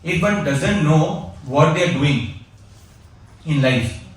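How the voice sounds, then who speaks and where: A man teaching an informal class, talking conversationally, repeating key phrases and pausing with fillers. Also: a little high, animated. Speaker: spiritual teacher. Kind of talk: informal class lecture with anecdotes. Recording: echoey room, speaker far from mic, faint noise.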